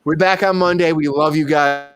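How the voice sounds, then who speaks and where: High-pitched male comedy show host, rambling and profane. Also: steady tone, a bit bright. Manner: rambling, profane, riffing rapid-fire. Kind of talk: live comedy talk show.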